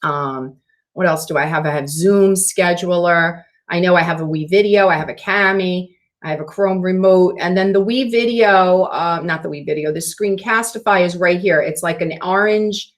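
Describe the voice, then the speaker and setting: A woman leading a teacher training over a video call, walking through software steps casually, and she says she is losing her voice. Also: lowish voice, moderate pace. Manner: explains steps casually with fillers. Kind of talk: screen-share training session.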